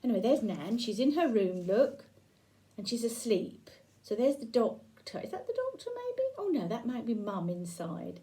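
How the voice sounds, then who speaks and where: A woman's voice: on the high side, sing-song, normal speed, dark tone, low-quality recording. An older woman reading a picture book aloud to children, asking them questions and pointing at the pictures. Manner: interactive, asks listeners questions and points at pictures. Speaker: storyteller grandmother.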